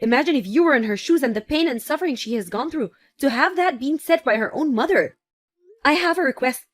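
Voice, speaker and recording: A woman's voice: high voice, expressive, a little fast. A woman voicing a protective young fiancée who speaks firmly and with indignation in a text-message story. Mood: indignant. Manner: firm, indignant.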